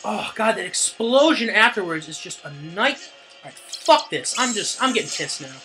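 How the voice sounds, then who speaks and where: A woman giving gameplay commentary as a let's play host, getting excitable, cursing and yelling at the game. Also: medium pitch, normal speed, rough recording. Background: game music.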